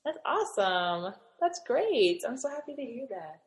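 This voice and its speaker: A young woman with a voice of middle pitch hosts a casual panel, upbeat and encouraging as she turns to each guest. Her voice rings in an echoey room. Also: very animated, moderate pace. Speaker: host, moderator.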